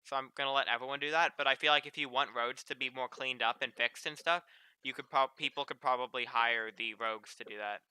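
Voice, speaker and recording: A chatty streamer rambles through his thoughts in a sharp, bright voice that comes across crisp and clean. The sound is dry and close to the mic, with almost no room around it. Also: mid-range voice, fairly even intonation, fairly quick, no echo. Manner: rambling, chatty, thinks out loud. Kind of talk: casual gaming chat.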